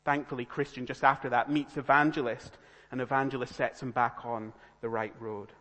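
A man's voice: mid-range voice, level tone, normal speed, a bit bright. A man preaching a sermon, earnest and pleading, building to urgent appeals to his listeners. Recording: long reverb of a church hall.

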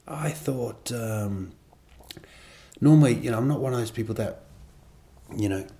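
A man's voice: mid-range voice, unhurried, warm tone. A man, a comedian, talking alone on his podcast in a casual, rambling, self-deprecating way, drifting from one digression to the next. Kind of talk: casual solo podcast monologue.

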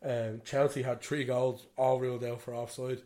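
An Irish podcast co-host tells a rambling story in casual conversation, cursing freely and saying "you know what I mean." His voice is mellow and medium-pitched, with little pitch movement, at a normal speed.

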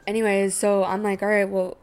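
A woman hosting a podcast, telling a story in a slangy, profane, animated casual way. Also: mid-range voice, brisk, a crowd in the background. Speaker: podcast host.

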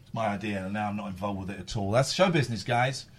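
A man's voice: lowish voice, fast talker, breathy edge. A tired man, host of a casual live stream, rambling and repeating himself.

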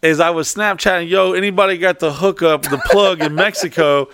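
A man's voice: high voice, steady tone, a little fast, a bit bright, dry recording. A man co-hosting a podcast, chatting casually and cracking jokes. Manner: wisecracking interjections. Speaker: podcast co-host. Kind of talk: casual chat.

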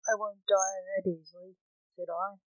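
A woman hosting a podcast and reading a gothic short story aloud in a slow, deliberate storytelling manner. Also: mid-range voice, little pitch movement, no room sound, dull audio.

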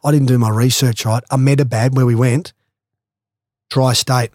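A man's voice: medium pitch, fairly even intonation, normal speed, darkish tone, no echo, studio quality. An Australian man telling rambling, swear-filled stories as a guest in a casual chat. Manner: swears freely, rambling anecdotes. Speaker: guest, former athlete. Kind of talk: casual storytelling.

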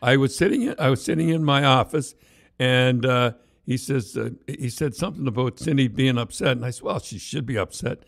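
An older man telling rambling, animated anecdotes in casual chat, with many restarts and laughs. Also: medium pitch, a little fast, creaky, dry recording, studio quality. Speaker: storyteller co-host.

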